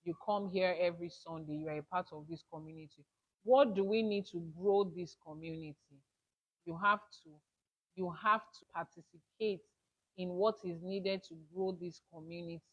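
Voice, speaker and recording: A woman's voice: lowish voice, fairly even intonation, normal speed. A woman leading a spiritual class, emphatic, repeating her key points and asking rhetorical questions. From Nigeria. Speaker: Ifa spiritual teacher. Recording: dull lo-fi audio.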